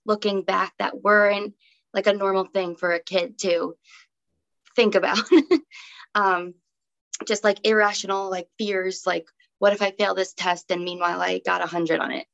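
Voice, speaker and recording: A woman's voice: medium pitch, little pitch movement, normal speed, vocal fry, a bit bright. A young adult woman telling her own story as a podcast guest in casual, conversational speech filled with "um" and "like". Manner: chatty, many fillers like "um" and "like". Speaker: podcast guest, breathwork teacher. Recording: dull lo-fi audio.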